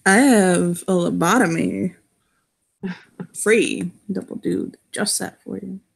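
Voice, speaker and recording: A woman's voice: lowish voice, slow pace, creaky, breathy edge, full character voice. A woman playing a sardonic, guarded man. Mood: dry. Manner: sardonic and teasing. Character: wry, guarded man who speaks Russian.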